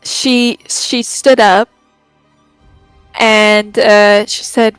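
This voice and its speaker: A young woman playing her character in a tabletop game, soft and hesitant. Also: medium pitch, flat delivery, drawn-out words, pauses often, smooth, no room sound, soft background music. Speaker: player.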